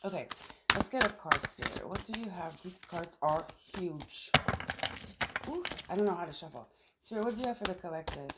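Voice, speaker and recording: A woman's voice: fairly low pitch, animated, fairly quick, heavy background noise. Chatty woman reading tarot cards. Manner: chatty, thinks aloud while pulling cards. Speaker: tarot reader. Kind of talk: casual tarot reading to camera. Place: outdoors in the sun.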